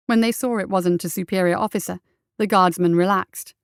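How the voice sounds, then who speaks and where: A woman narrating a piece of fiction in a steady, measured storytelling voice. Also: on the low side, vocal fry, smooth, dry recording, clean studio sound. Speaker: reader.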